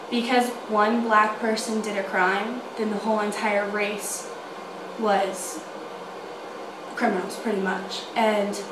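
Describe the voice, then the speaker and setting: A young woman speaking earnestly and firmly about her own experience. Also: mid-range voice. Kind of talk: casual personal testimony. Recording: echoey room with clear noise.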